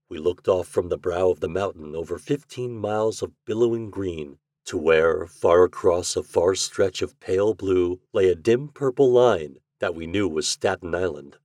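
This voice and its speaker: A man narrating a classic short story as podcast host, measured and even in his storytelling. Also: deep voice, no echo, clean studio sound.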